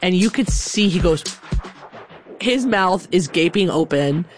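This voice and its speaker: A woman's voice: on the low side, expressive, measured pace, soft background music. A woman doing stand-up, telling a story animatedly, laughing mid-sentence and acting out songs. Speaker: stand-up comedian.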